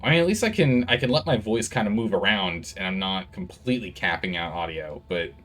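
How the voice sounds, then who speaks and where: Low-voiced and fairly quick, with a fairly bright tone, a man chats casually with viewers during a live game stream. He's distracted, fixing audio levels on his studio microphone with gain control.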